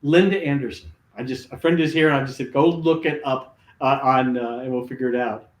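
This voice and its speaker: A man's voice: mid-range voice, fairly even intonation, fairly quick. An older man, a guest, telling stories animatedly with lots of fillers and restarts. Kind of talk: casual storytelling. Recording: roomy echo.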